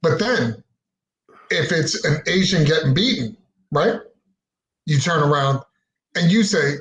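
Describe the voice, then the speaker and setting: A man's voice: on the high side, animated, unhurried, long pauses, fairly bright tone. A man hosting a casual podcast chat, blunt and wry, with plenty of swearing. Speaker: podcast host. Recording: roomy echo.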